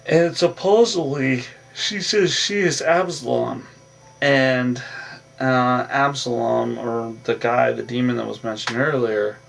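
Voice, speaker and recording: A man's voice: mid-range voice, steady tone, slow, vocal fry, fairly bright tone, far from the mic. A man casually recapping a movie plot in a rambling way, with lots of fillers and restarts. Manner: rambling, filler-heavy retelling with repeated "on that". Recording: voice from away from the mic with faint music.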